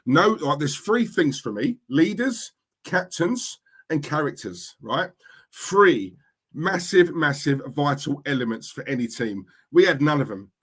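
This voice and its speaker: This young East London man has a fairly high voice with big swings in pitch, a slightly slow delivery, and a bright, breathy edge. Chatting with his livestream audience in a Cockney accent, he reads their comments aloud, speaking bluntly and saying things more than once.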